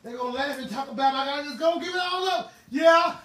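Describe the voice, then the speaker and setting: High-voiced man preaching fervently. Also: fast talker. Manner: fervent, emphatic preaching with bursts of shouting. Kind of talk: sermon. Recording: roomy, distant mic, faint ambient noise.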